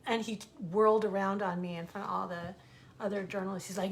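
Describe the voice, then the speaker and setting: She talks a little fast in a steady, medium-pitched voice: a middle-aged American author sharing stories online from her home. Her manner is easygoing and chatty, and she performs the voices of those she quotes.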